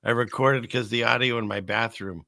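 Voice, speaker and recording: Gravelly rambling male host. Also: mid-range voice, steady tone, normal speed, sharp tone, no room sound, clean studio sound. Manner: rambling, restarts, skeptical. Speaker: show host. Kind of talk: casual commentary while browsing.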